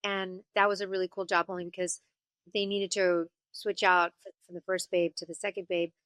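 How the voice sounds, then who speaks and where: A woman voice actor and singer chatting as an interview guest, telling stories in an animated way and slipping into character voices. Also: on the low side, fairly quick, no room sound. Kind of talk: casual interview chat.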